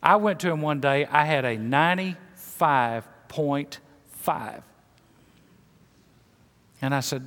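A man's voice: on the high side, animated, slow pace, long pauses, fairly bright tone, long reverb tail. A man pastor preaching a sermon with an emphatic, repetitive cadence.

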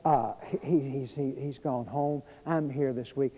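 A man, preaching a storytelling sermon in a church, folksy and conversational with many pauses and fillers. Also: on the high side, in a large hall, muffled recording. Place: church sanctuary.

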